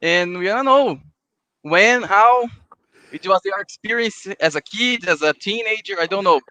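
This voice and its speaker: A man's voice: sits high, moderate pace, pushed and bright, no echo. A man who hosts a podcast interview in English, friendly and laughing often. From Brazil. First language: Portuguese. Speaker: podcast host. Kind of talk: casual interview.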